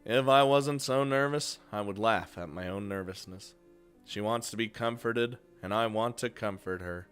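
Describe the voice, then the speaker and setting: A man reading a visual novel aloud as a let's play host, animated and often chuckling. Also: lowish voice, normal speed, faint music behind.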